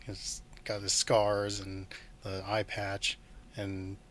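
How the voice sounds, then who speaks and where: A man's voice: lowish voice, monotone, takes it slowly, fairly bright tone, slight background noise. A man co-hosting a casual film podcast, enthusiastic, laughing often and acting out scenes. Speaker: podcast co-host.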